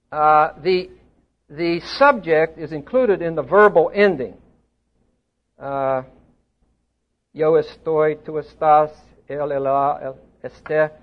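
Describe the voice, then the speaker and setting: An older male pastor with a high voice preaches an expository sermon to a congregation in a church hall. He teaches in a teacherly way, posing questions to the listeners and stressing words emphatically. The sound is lo-fi.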